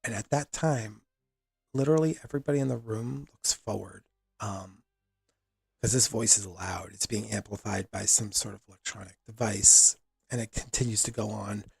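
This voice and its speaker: A man narrating a tabletop role-playing game as game master, relaxed and with many fillers. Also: fairly low pitch, moderate pace, gravelly, breathy edge, dry recording.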